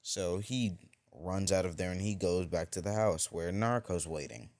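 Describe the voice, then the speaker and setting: A man's voice: low-pitched, moderate pace, darkish tone. A man improvising a fan-fiction story, rambling and full of fillers and restarts.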